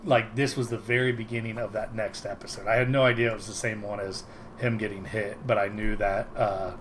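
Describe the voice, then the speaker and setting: A man's voice: lowish voice, steady tone, fairly quick, fairly bright tone, a little hiss or hum. Rambling male podcast co-host. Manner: rambling, restarts sentences. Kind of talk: casual chat.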